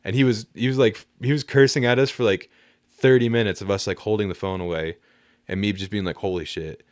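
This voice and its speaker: A man's voice: lowish voice, steady tone, brisk, dry recording, clean studio sound. A young man telling a story in a laid-back, rambling way, with lots of fillers and casual swearing. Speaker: podcast storyteller.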